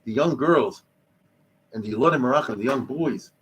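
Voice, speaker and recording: A man's voice: medium pitch, lively intonation, moderate pace, a little hiss or hum. A man, a rabbi, giving an informal history lesson in a synagogue hall, mixing in Hebrew and Yiddish words and briefly voicing the people in his stories. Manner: peppers speech with Hebrew and Yiddish terms. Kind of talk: informal lecture.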